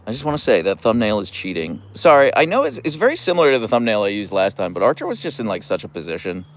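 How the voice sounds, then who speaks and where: A man's voice: fairly low pitch, big pitch swings, fast. A young man chatting casually on a livestream at home, rambling through stories and answering viewer comments. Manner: rambling and chatty, full of fillers and restarts. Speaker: dog owner livestreaming his huskies. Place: at home, on a deck by his dogs.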